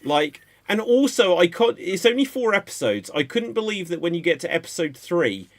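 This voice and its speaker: A man talking pop culture on a panel show, his voice sitting high and jumping all over the place. He rambles from point to point with a mocking edge, loose and animated. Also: normal speed. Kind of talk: casual pop-culture chat.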